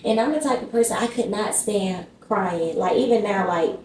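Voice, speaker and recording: A woman's voice: medium pitch, moderate pace, darkish tone, reverberant, recorded from a distance, a little hiss or hum, rough recording. A woman vlogger telling a casual storytime, chatty and slangy, talking straight to her viewers.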